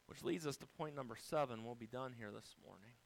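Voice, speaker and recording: A male pastor preaching a sermon, swinging from quiet, low passages to loud, high-pitched exhortations. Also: fairly quick, creaky, low-quality recording.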